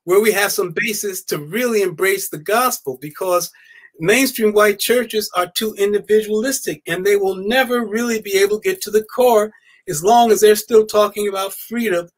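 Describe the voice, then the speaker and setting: Man, high-pitched voice, guest scholar, emphatic, repeats key words, live-stream conversation. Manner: animated, emphatic, with repetitions.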